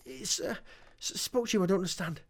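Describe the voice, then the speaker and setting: Man playing a desperate young man: high, stammering panic, slow reading. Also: a little mellow. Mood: panicked.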